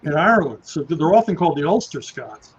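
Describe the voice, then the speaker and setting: A man joins an online talk show as a guest over a remote call. His voice is slightly higher than most men's, and he explains things in short, firm, matter-of-fact sentences. The audio is dull and lo-fi, with faint noise behind him. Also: sing-song, brisk. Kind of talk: casual chat.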